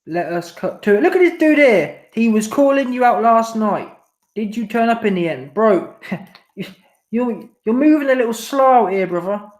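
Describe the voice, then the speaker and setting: Brief: man, fairly high voice, laid-back slangy streamer, echoey room. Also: expressive, moderate pace. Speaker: boxing commentary channel host. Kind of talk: casual live-stream chat reading super chats. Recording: roomy echo.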